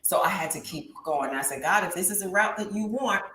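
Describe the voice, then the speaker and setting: Medium-pitched, animated, brisk, and pushed bright, a woman in her thirties offers impassioned testimony in an interview. She's a guest talk show host whose speech swells and drops like a preacher's, heard in a roomy echo with faint background hiss.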